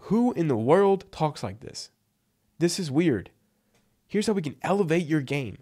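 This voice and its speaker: A man's voice: on the high side, sing-song, measured pace, darkish tone, slightly rough. A man giving blunt, emphatic copywriting advice in a casual vlog, tossing in "like" and "right?" as he goes. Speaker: freelance copywriting coach.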